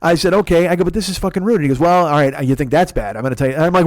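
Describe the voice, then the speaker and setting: A man's voice: fairly high pitch, lively intonation, very fast, hardly any pauses, dry recording. A man in his forties hosting a podcast, telling a rambling, profane, self-mocking comic story into a close microphone. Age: 40s. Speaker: podcast host. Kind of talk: solo comedic storytelling. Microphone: close podcast mic.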